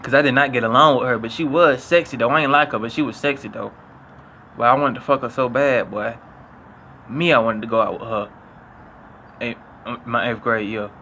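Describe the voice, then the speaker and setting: A young man telling stories casually to his viewers, profane and animated, acting out what people said. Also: fairly quick, slight background noise. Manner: animated, acts out quotes with higher voice; profane, repetitive slang. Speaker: vlogger. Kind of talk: casual storytelling.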